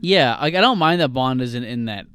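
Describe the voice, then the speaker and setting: A man's voice: mid-range voice, animated, moderate pace, a bit bright, clear, resonant tone, no room sound, studio quality. A man co-hosting a podcast, talking casually and loosely through a film with frequent swearing. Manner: loose, rambling, swears freely. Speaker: podcast co-host.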